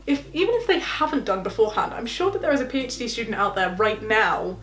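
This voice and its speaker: Animated young woman, lively and laughing. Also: quick pace, soft background music. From England. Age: young adult. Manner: animated, laughs often, acts out quotes in high voices. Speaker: PhD student vlogger. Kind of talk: casual reaction vlog.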